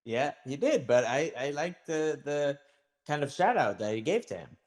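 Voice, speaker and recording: A man's voice: a little high, sing-song, moderate pace, darkish tone. Man recalling details in casual chat. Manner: recalls details carefully, with fillers and restarts. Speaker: podcast co-host.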